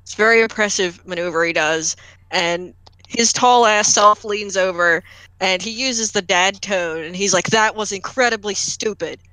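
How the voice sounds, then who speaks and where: A woman's voice: medium pitch, moderate pace, bright, forceful tone, clean tone, dry recording, poor audio. A young woman playing a tabletop game, describing her moves with wry asides. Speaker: player. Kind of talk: casual tabletop play.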